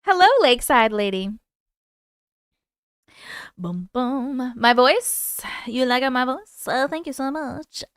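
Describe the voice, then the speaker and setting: A woman's voice: sits high, lively intonation, slow, pauses often, fairly bright tone, smooth, no echo, studio quality. A woman in her thirties hosting a livestream, chatting playfully with viewers and reading their stories aloud. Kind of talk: casual live chat and story reading.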